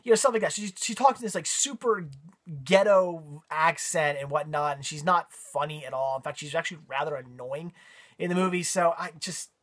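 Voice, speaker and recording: A man gives a casual spoken movie review, rambling along with frequent ums and repeated words. His voice is fairly high and fairly bright, at a moderate pace.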